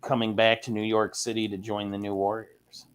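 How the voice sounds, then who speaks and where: A man's voice: on the low side, level tone, moderate pace, clear, resonant tone. A man joking around as a panelist in a casual chat. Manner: jokey, playful.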